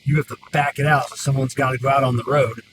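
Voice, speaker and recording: A man's voice: medium pitch, flat delivery, fast. A man who works as a mechanic and hosts a podcast, ranting about customers in a casual, profane, rambling way full of fillers. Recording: distant mic with clear background noise.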